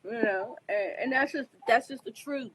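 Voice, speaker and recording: A woman's voice: fairly high pitch, normal speed, fairly bright tone, a little hiss or hum, poor audio. A woman astrologer speaking casually and earnestly to her viewers, emphatic and preachy, often asking if they understand, and openly emotional. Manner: earnest, emphatic, preachy, addresses listeners directly. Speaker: astrologer giving advice. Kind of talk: casual spoken monologue to viewers.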